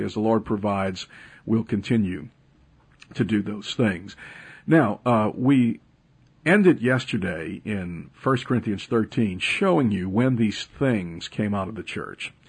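A man with a gravelly, husky voice delivers a radio Bible lesson as a pastor. He talks in a loose, conversational way with plenty of hesitations, then lifts his pitch and presses hard whenever he drives a point home. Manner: emphatic preaching, rising in pitch when stressing points; conversational with frequent uh fillers. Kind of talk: radio Bible teaching broadcast.

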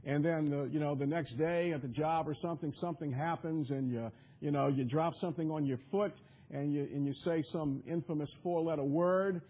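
Brief: a high-voiced, husky male preacher delivering an emphatic, repetitive sermon over a tinny radio line. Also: fairly even intonation, a little fast. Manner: emphatic, repetitive, stumbling restarts.

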